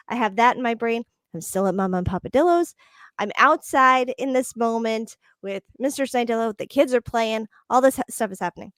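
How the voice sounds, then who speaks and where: Podcast host, woman, high voice, animated storyteller, dry close mic. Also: fairly quick, no echo. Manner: animated storytelling, laughing often. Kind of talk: casual chat.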